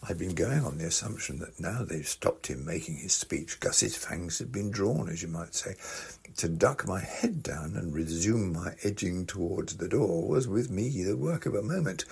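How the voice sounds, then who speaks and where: A man's voice: low voice, lively intonation, moderate pace, vocal fry, darkish tone, husky. A man giving a comic literary reading in a dry, wry first-person narrating voice. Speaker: reader.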